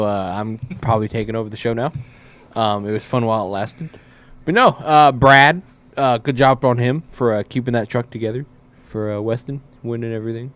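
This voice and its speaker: A man co-hosts a chat show in a laid-back, joking way. He hesitates often and talks at an ordinary middle pitch. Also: fairly bright tone. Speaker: show co-host. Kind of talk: casual chat.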